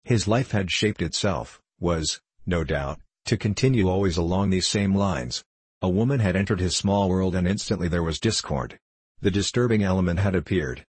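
A man narrates a novel in a steady, measured reading. His voice is very low and husky. The recording is close and dry. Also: no echo. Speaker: audiobook narrator. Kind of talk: scripted narration.

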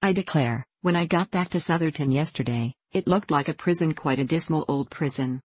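A woman reading an audiobook voices an earnest, dull young gentleman who repeats himself. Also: low voice, fairly quick, husky, dry recording. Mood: eager. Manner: earnest and repetitive. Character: dull, eager young gentleman, easily impressed.

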